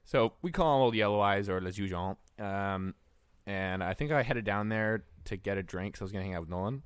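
A man's voice: fairly low pitch, brisk, smooth, dry recording, studio quality. A young man hosting a podcast, telling a story in a rambling, casual way with lots of fillers and swearing. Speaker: podcast host.

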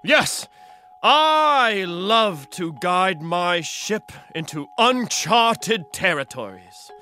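A man voicing a proud, powerful intergalactic donut captain with a deeper, pointed, deliberate delivery. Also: expressive, bright, forceful tone, faint music behind, heavily acted.

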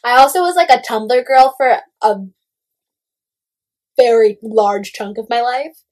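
A young woman in casual gossip chat, animated and full of "like" fillers, swearing freely. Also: fairly high pitch, measured pace.

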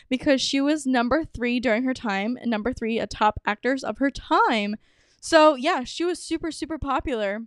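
A young adult woman hosting a podcast, telling stories in a chatty, excitable way with lots of fillers. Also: a little high, smooth, no echo, clean studio sound. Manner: chatty, many "like"s, bubbly and excitable. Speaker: podcast host. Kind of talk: casual storytelling monologue.

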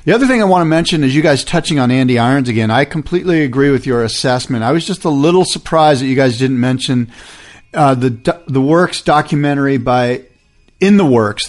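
An easygoing man co-hosting a podcast, chatting loosely with his partner. He reads listener emails aloud and pokes fun at himself along the way. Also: medium pitch. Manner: self-deprecating, easygoing. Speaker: podcast co-host. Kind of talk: casual chat, reading listener emails.

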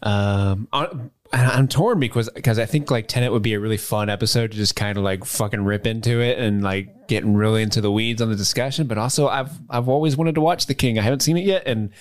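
A man's voice: lowish voice, quick pace. A man co-hosting a casual movie podcast, wry and hesitant, often restarting his sentences. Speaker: podcast co-host. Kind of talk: casual chat.

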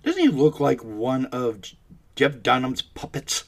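Husky man, unhurried sarcastic rant, swings his pitch widely for mockery. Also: huge pitch swings. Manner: sarcastic, mocking. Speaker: commentator. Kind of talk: ranting political commentary.

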